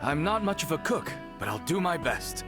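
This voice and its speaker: A modest young man from a video game, unsure of himself and hesitant. His voice rises and falls a lot, with music clearly playing behind. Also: fairly high pitch, very animated, moderate pace. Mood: uncertain. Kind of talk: video game character dialogue.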